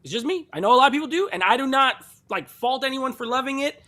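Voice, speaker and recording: High-voiced, bright man co-host. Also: expressive, fast talker. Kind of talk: casual live film review chat.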